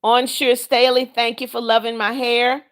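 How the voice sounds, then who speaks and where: A middle-aged woman hosting a livestream reads viewer comments aloud and welcomes people by name, her voice a little high and level, at a normal speed. She shifts from warm, religious greetings to firm, scolding warnings when enforcing the rules.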